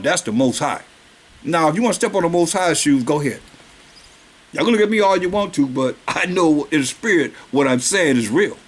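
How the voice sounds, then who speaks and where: A man preaching a sermon, reading scripture verses slowly and then explaining them in casual everyday speech, with questions to his listeners and drawn-out emphasis. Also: a little high.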